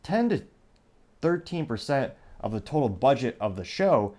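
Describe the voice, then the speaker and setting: A man's voice: mid-range voice, big pitch swings, normal speed, darkish tone. Sarcastic man hosting a commentary podcast. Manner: sarcastic, self-interrupting, digressive. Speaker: podcast host. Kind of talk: casual commentary monologue.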